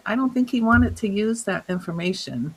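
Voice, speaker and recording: Animated woman telling a story. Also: medium pitch, normal speed, slightly rough, rough recording. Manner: animated, laughs often, acts out quotes. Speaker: guest health coach. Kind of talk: storytelling in an interview.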